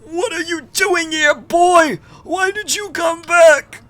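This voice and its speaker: A man doing a high booming tyrant king. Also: fairly even intonation, slow pace, pushed and bright, exaggerated voice. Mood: imperious. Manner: booming, theatrical. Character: cold tyrant king, older father figure. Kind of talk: game dialogue read-along.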